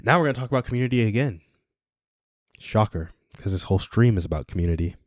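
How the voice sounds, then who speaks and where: A man's voice: on the low side, expressive, fast talker, darkish tone, no room sound, studio quality. A man in his twenties hosting a casual solo livestream. He rambles and chuckles at his own stories. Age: 20s. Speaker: livestream host.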